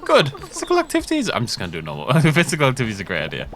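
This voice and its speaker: A man's voice: on the low side, sing-song, very fast, a bit bright, slight background noise. A man giving casual gameplay commentary, joking and poking fun at himself. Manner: joking, self-mocking. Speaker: let's play gamer.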